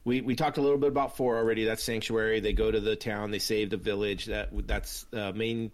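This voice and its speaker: A man's voice: lowish voice, level tone, brisk. A man co-hosting a casual chat about a TV series, telling stories animatedly with many restarts. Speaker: podcast co-host.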